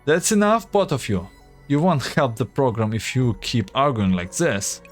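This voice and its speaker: A man voicing a flustered female manager who hurriedly tries to calm an argument. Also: medium pitch, faint music behind. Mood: placating. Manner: placating, hurried.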